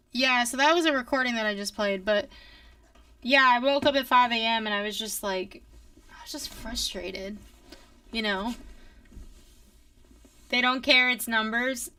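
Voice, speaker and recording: A woman's voice: fairly high pitch, pushed and bright, clean tone, no room sound, far from the mic. A young woman, a singer-songwriter, chatting casually with her livestream viewers, rambling with lots of fillers.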